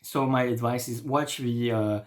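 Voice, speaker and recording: Man with a French accent, a French teacher, unhurried and patient, mid-pitched, thinking aloud as he writes. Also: fairly even intonation. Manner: slow, patient, thinking aloud while writing. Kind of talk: online language lesson.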